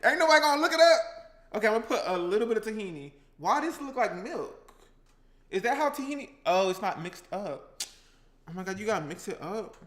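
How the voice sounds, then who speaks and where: A man's voice: high-pitched, sing-song, fairly quick. A man with casually chatting while cooking on a vlog, playful and chatty, now and then breaking into song. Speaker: cooking vlogger.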